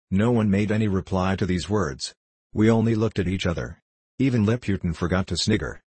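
A man narrating a classic novel as an audiobook in a measured, even reading. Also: low-pitched, slightly rough, no room sound.

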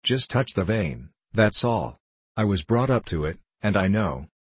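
A hard-headed country wife, impatient and scolding, read by a man in his own low voice. The tone is husky and very deep. It sounds close and dry, like a storybook reading. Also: very animated, measured pace, no room sound, exaggerated voice. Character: blunt, hard-headed rural young wife.

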